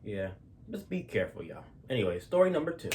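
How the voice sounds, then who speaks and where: A man's voice: medium pitch, big pitch swings, fast, a little mellow, a little hiss or hum. A man telling stories in a casual, rambling way, full of fillers, restarts and slang. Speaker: storyteller. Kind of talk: casual spoken storytelling.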